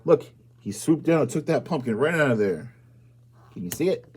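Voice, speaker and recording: A man reads a picture book aloud to young children, stopping often to ask them questions. His voice is warm and a little husky, with lively swings in pitch and sudden loud exclamations. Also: moderate pace. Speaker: librarian reading to children. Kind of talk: children's storytime read-aloud.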